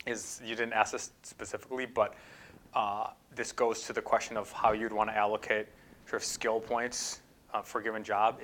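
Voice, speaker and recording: A man's voice: mid-range voice, fairly bright tone. A man speaking as a guest at a talk, answering audience questions in a thoughtful way with frequent fillers and restarts. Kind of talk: conference Q&A answers.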